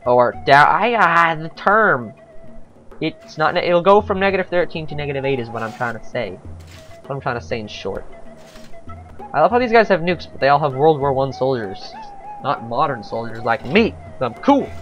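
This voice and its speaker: A man's voice: a little high, huge pitch swings, a little fast, soft background music. A man giving casual let's-play commentary on a strategy game, thinking aloud with frequent hesitations.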